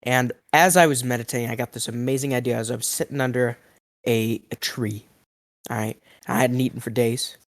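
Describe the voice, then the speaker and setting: A young man rambles through an absurd tall tale in an ordinary middle-pitched voice. His delivery is mock-outraged, lurching from mumbling to yelling, and his voice cracks now and then. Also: fairly even intonation, fairly quick. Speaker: food review vlogger. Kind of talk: absurd comedic storytelling.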